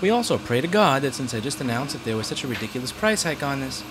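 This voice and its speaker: A man's voice: medium pitch, big pitch swings, fast, noisy background. A man running a repair shop, giving casual, teasing livestream commentary while working. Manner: sarcastic, teasing.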